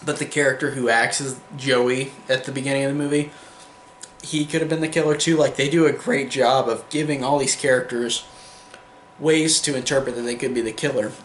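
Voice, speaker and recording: A man's voice: medium pitch, steady tone, fairly quick, fairly bright tone, slight background noise. Enthusiastic rambling young man, echoey room. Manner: enthusiastic, rambling, lots of fillers and repeated likes. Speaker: film reviewer. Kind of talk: casual film review monologue.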